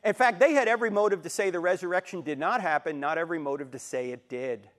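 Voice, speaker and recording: A man in his sixties giving a live lecture in a university auditorium, an animated storyteller who acts out quotes and jokes. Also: fairly high pitch, fast talker. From New Jersey, USA. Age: 60s. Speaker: Christian apologetics speaker.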